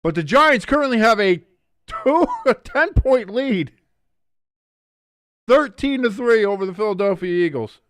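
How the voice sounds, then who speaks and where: A man streaming a casual watch-along, calling the plays live and reading chat aloud, who gets loud and stunned at big plays. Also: sits high, unhurried, pauses often, dry recording, studio quality. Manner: excitable, shouts in disbelief at big plays, reads chat aloud. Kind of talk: casual live play-by-play commentary.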